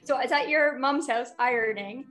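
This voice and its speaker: High, bright woman spinning a lively anecdote. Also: fairly quick, faint music behind. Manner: lively storyteller who acts out quotes. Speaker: book club co-host. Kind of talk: casual group chat.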